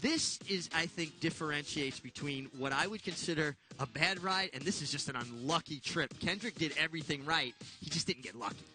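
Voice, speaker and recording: A man co-hosting a horse racing show, explaining race replays in a measured, explanatory way. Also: a little high, bright, forceful tone, soft background music. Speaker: show co-host.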